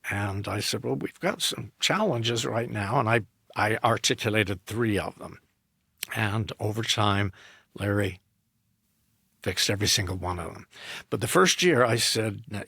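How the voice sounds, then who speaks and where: Gravelly low-voiced man telling a story. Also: moderate pace, dry recording, studio quality. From United States. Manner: animated anecdote, acting out both sides of a dialogue. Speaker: guest, opera director and tenor. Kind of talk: storytelling in a podcast interview.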